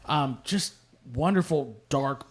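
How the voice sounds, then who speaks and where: A man's voice: on the high side, takes it slowly. Man giving detailed beer tasting notes. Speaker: beer reviewer. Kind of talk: casual beer review chat.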